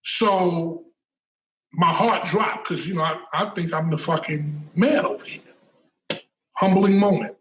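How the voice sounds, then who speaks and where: A man's voice: high-pitched, measured pace, long pauses, fairly bright tone, far from the mic, a little hiss or hum. A man as a podcast guest, telling stories in a casual interview, emphatic and profane, often repeating words as he builds a point. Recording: roomy and off-mic.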